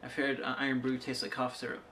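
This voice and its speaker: A woman's voice: extremely low pitch, completely flat delivery, fast, fairly bright tone, slight background noise. A woman co-hosting a casual chat, rambling through stories and jokingly bragging. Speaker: co-host.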